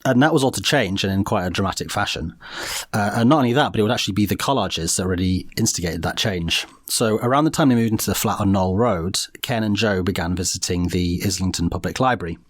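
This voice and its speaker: A man with a fairly low voice talks through a story in a loose, conversational way, full of fillers and restarts. The sound is dry and close to the mic, with no room around it. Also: fast, no echo. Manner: relaxed, chatty storytelling with many fillers. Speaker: podcast host. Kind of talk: casual history podcast chat.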